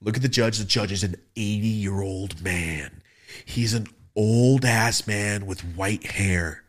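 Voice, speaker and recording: A man hosting a podcast, telling a story in a casual, profane, animated way and acting out other people's lines. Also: fairly low pitch, slow pace. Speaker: podcast host.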